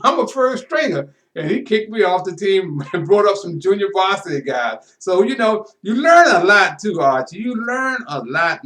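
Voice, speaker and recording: A man hosts a sports interview show in a relaxed, folksy manner, his voice sitting a little high. He talks casually and often adds "man" to the ends of his sentences. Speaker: sports talk show host.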